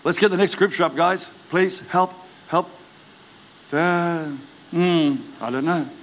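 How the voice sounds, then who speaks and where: A male pastor preaching a sermon in a large church, acting out the story's characters and rising to shouted exhortation. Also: on the high side, slow pace. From Australia.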